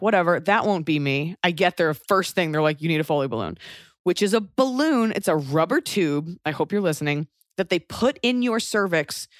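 A woman's voice: deep voice, no room sound, studio quality. A woman in her thirties telling a personal story in a casual, wry way, acting out other people's voices as she goes.

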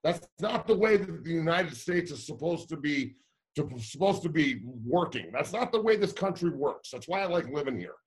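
A high school football coach ranting heatedly, blunt and swearing, fired up about his players losing their season. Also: very animated, normal speed, breathy edge. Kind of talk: heated radio call-in rant.

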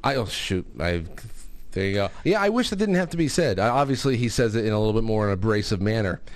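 A man hosting a call-in talk show, talking casually with many restarts and halting phrases. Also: on the low side, animated, background noise.

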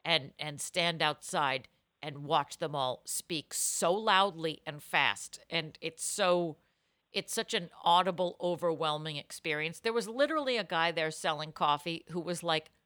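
A woman co-hosting a podcast, telling animated, self-mocking stories in casual chat. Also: deep voice, measured pace, no echo. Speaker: podcast co-host.

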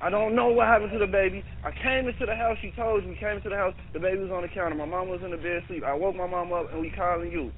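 A man's voice: high voice, fairly even intonation, rapid-fire, few pauses. A man on an emergency call, insistent and exasperated, urging the dispatcher to send police. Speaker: caller. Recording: noisy tinny phone line.

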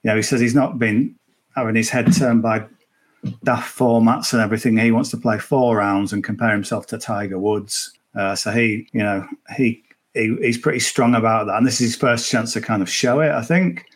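A man's voice: lowish voice, steady tone, moderate pace. A man giving golf betting tips in casual podcast chat, chatty and rambling, often restarting his sentences.

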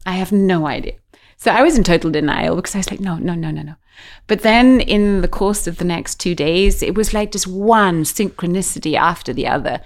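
A middle-aged woman telling a personal story in a casual interview, animated and acting out the voices of the people she quotes. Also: lowish voice. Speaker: guest.

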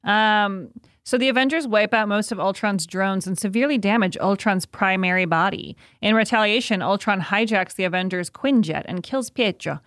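A woman's voice: medium pitch, moderate pace, fairly bright tone, no echo, studio quality. A woman co-hosting a podcast, reading plot summaries and chatting with amused asides. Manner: chatty, amused, lots of likes. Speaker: podcast co-host.

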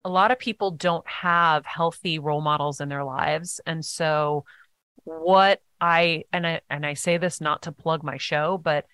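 A woman's voice: low voice, steady tone, unhurried, fairly bright tone, smooth, no room sound. A woman speaking as a podcast guest, telling stories earnestly and acting out what others said. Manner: earnest, storytelling, acts out quotes. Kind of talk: casual interview talk.

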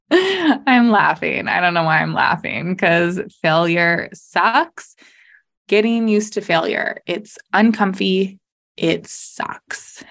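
A woman's voice: medium pitch, vocal fry. A young adult woman hosting a solo podcast, talking casually and candidly, laughing often and filling with "like" and "you know". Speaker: podcast host.

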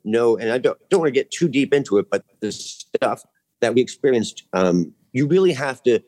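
Male podcast guest, earnest and rambling, ordinary pitch, studio chat. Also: lively intonation, normal speed, darkish tone. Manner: earnest, rambling, many restarts. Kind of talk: casual chat.

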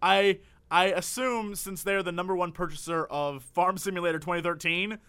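A man's voice: high-pitched, fairly even intonation, normal speed, bright, forceful tone, clear, resonant tone. A man co-hosting a comedy podcast, bantering in a playful, teasing, sarcastic way. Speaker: co-host.

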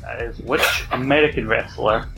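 A man hosts a casual podcast quiz. He reads each question out slowly and clearly, then drifts into quick banter with the panel. Background music plays clearly behind his voice. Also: medium pitch, fairly even intonation, bright, forceful tone, low-quality recording. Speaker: quiz host.

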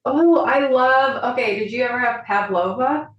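A woman's voice: on the high side, normal speed, roomy sound, dull audio. A woman hosting a podcast, asking friendly questions and trailing off now and then. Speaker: podcast host. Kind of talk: interview questions, casual chat.

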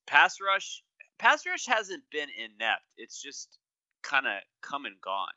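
A man's voice: a little high, wildly swooping pitch, slow pace, bright, forceful tone, no room sound, muffled recording. A man co-hosting a podcast, chatting casually and laughing easily. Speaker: podcast co-host. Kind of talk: casual chat.

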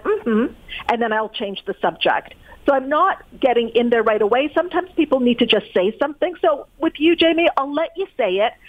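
A woman's voice: fairly high pitch, no room sound. A woman speaking as a guest coach in an interview, explaining in a direct, emphatic coaching manner. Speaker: guest, peak performance coach. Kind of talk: interview answers. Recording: tinny, dry phone line.

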